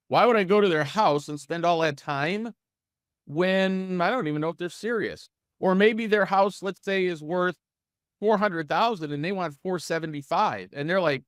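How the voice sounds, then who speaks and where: A middle-aged man coaching real estate agents in a live online training session, energetic and full of rhetorical questions to his audience. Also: high-pitched, no echo, studio quality.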